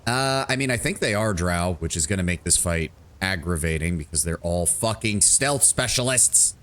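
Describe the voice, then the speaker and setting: A man's voice: low voice, expressive, normal speed, hardly any pauses, fairly bright tone. A man streaming a fantasy game, casually and wryly chatting with viewers between story readings. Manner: casual, wry, talks to chat.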